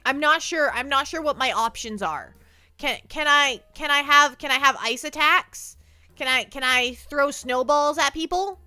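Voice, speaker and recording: Bright high-voiced playful woman streamer. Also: moderate pace, no room sound, soft background music. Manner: playful, mock-hurt, often repeats words while thinking. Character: speaks as a sensitive penguin streamer persona. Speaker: livestreamer chatting with viewers. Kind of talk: casual livestream chat.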